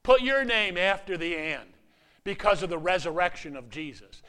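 An older man preaching a sermon in a conversational, animated way, asking the audience questions and swinging from emphatic peaks to hushed asides. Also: sits high, normal speed, smooth.

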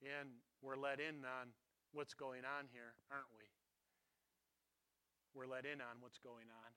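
A man preaching a sermon as a pastor, retelling a story with dramatic swings from loud to hushed. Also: medium pitch, level tone, measured pace, clear, resonant tone.

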